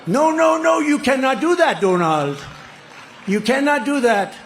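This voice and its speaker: A man's voice: very high voice, lively intonation, a little slow, some chatter behind, slight background noise, voice pushed up. A man voicing a flustered middle-aged male French leader, begging and backpedaling with a French accent. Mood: pleading.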